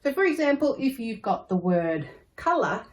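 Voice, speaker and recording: A woman's voice: fairly high pitch, sing-song, moderate pace. A woman with an Australian accent, patiently explaining a spelling lesson to children. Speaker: primary school teacher. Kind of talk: recorded online lesson. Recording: echoey room.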